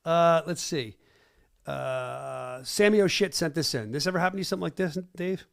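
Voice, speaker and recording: This middle-aged man hosts a podcast, cracking brash jokes while video clips play. He speaks at a normal speed in a fairly high, smooth voice with some vocal fry.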